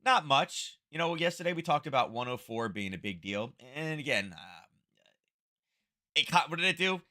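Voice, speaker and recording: Male stream host, slightly hoarse, casual rambling delivery, close-miked at home. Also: on the high side, lively intonation, normal speed, pushed and bright. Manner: rambling, thinking aloud, chuckling asides. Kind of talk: casual livestream chat. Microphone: close-up desk microphone.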